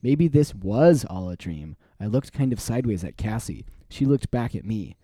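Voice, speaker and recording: Man, podcast co-host, casual read-aloud, mellow warm tone, dry close sound. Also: on the low side, sing-song, moderate pace, dry recording. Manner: reads a book aloud, often laughing and breaking off to comment.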